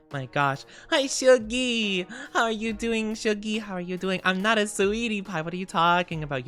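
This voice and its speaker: A young woman streamer chats with her viewers in a voice that sits low for a woman. She is playful and bubbly, a little sleepy, and quick to thank people and tease back. Soft music plays faintly behind her. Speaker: VTuber streamer. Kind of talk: casual chat with live viewers.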